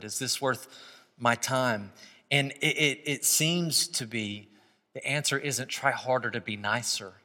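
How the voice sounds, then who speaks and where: A man preaching a sermon as pastor of his church, moving from quiet reflection to loud, impassioned stretches. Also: medium pitch. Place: church sanctuary. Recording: long hall reverb.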